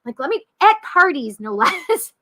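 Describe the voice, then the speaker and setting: A woman in her thirties from the Rochester area, hosting a casual livestream as a psychic medium, chatty and quick to laugh, acting out the people she quotes. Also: very high-pitched, sing-song, bright, forceful tone. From Rochester area, New York. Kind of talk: casual livestream chat, reading viewer comments.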